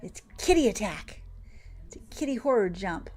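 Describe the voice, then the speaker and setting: A woman chats her way through a farming game with casual, exclamatory commentary. Her voice sits at a middle pitch for a woman. She breaks in often with surprised outbursts. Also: big pitch swings, darkish tone. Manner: chatty and exclamatory, quick laughs. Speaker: gaming channel host.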